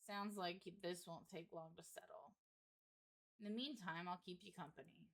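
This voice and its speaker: A man's voice: high-pitched, steady tone, normal speed, creaky, a bit bright, heavily acted. A woman voicing a polite, friendly male deputy in a horror game, read plainly. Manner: plainly read, no put-on accent.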